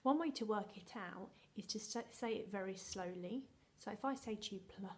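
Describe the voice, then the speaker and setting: A woman's voice: mid-range voice, fairly quick, few pauses. A woman teaching a recorded phonics lesson to young children, in a sing-song, encouraging way, drawing out each letter sound. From England. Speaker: primary school teacher.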